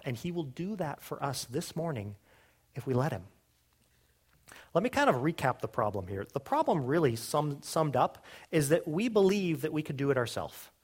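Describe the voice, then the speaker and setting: A male pastor delivers a sermon in a lively voice that swings widely in pitch. He sits a little above the usual male range and keeps asking the congregation questions. When he voices the words of Jesus, he drops to a quiet, hushed tone.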